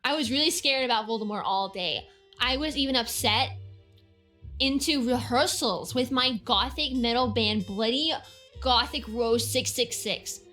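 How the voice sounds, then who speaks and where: A woman's voice: a little high, a little slow, sharp tone, faint music behind. A young woman giving a comedic dramatic reading, giggly and mock-dramatic, with swearing asides. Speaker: reader.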